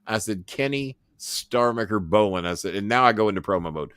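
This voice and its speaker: A man's voice: lowish voice, very animated, normal speed, a bit bright, dry recording, shouting, clean studio sound. A man hosting his own show, rambling through casual stories with boasts, swearing and stammered restarts. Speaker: podcast host. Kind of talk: casual storytelling monologue.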